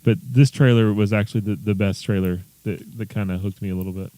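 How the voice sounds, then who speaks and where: A man's voice: on the low side, fairly even intonation, quick pace, warm tone. A man with a Kentucky accent co-hosting a podcast. He talks in an eager, rambling way and acts out quotes in casual banter. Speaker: podcast co-host.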